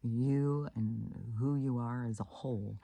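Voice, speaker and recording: Gravelly, husky woman rambling casually. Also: very deep voice, fairly even intonation, takes it slowly, mellow, dry recording. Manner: rambling, with many fillers and restarts; blunt, with casual swearing. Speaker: spiritual vlogger. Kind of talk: casual storytelling monologue.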